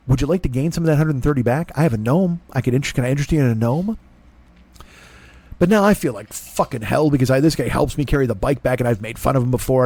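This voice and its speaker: A man hosting a comedy podcast, telling a rambling, self-deprecating story full of swearing and quick voices for the people in it. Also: mid-range voice, a little mellow. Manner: profane, self-deprecating, jumps into voices of others in his stories.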